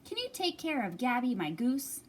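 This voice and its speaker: A woman's voice: high voice, sing-song, moderate pace, breathy edge, exaggerated voice. A woman voicing a polite, eager young boy in a children's storybook.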